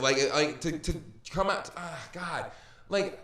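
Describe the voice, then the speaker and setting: A man hosting a casual podcast chat, rambling and animated, laughing often as he talks. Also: on the high side, takes it slowly, reverberant. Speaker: podcast host.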